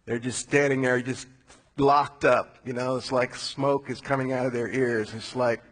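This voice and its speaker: Husky-voiced preacher telling a story. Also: male voice, mid-range voice, normal speed, rough recording. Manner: casual, animated storytelling with slang asides. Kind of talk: sermon retelling a Bible story, conversational.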